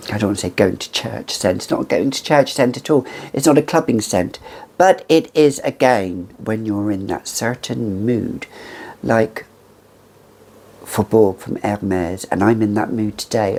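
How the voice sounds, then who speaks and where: A woman in her fifties talks through her perfume collection to camera, unhurried and lingering over her words. Her voice carries a gravelly, creaky edge, and she slips into theatrical, gushing asides as she goes. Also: extremely low pitch, dark tone. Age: 50s. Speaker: fragrance reviewer. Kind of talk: casual chat to camera.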